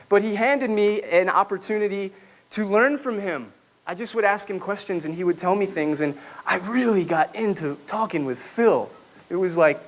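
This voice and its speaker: A man with a high voice speaks from a podium to a room full of listeners. He tells his own story in a reflective way and turns to the audience with questions now and then. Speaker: public speaker. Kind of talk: personal testimony talk to a live audience.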